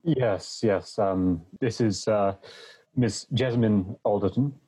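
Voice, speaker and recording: A man doing a flustered English playwright who fumbles for words, his voice low and husky. He is polite and apologetic, and keeps stammering through small talk in a tabletop horror game. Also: takes it slowly, dark tone, poor audio. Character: flustered English male playwright, secret drinker.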